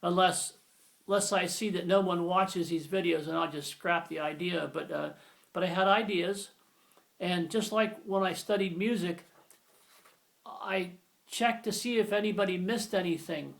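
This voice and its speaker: A man's voice: high voice, unhurried, vocal fry. A man in his sixties giving a casual, rambling video lesson on grammar, self-deprecating and full of fillers and restarts. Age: 60s. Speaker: video lecturer.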